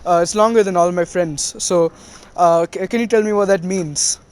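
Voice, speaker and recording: A man's voice: high voice, moderate pace, a little mellow, clear, resonant tone, natural voice. A man voicing a smug teenage boy ninja who mocks his opponent in an offhand, teasing way, in a fan-made story.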